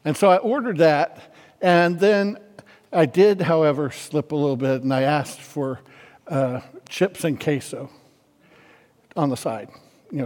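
A man's voice: on the high side, moderate pace, a little mellow. A man preaching a sermon in a conversational storytelling way, with restarts and emphatic peaks. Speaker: pastor. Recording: long hall reverb.

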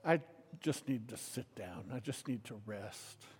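A man's voice: lowish voice, animated, unhurried, a little mellow, slightly rough, in a large hall, voice pushed down, exaggerated voice. A man voicing a restless, self-absorbed boy who has grown into a man, speaking brusquely in a storybook retelling. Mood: weary.

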